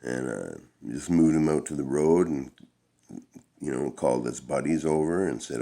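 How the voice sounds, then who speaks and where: A man's voice: extremely low pitch, moderate pace, creaky, warm tone. A middle-aged man telling a long-winded, profane personal story in a laid-back, rambling way. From Canada.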